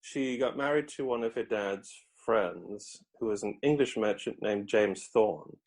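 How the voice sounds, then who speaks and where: A man's voice: on the low side, measured pace. A man guesting on a history podcast, telling a story in a loose, rambling way, with lots of hesitations and restarts. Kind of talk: casual conversational history chat.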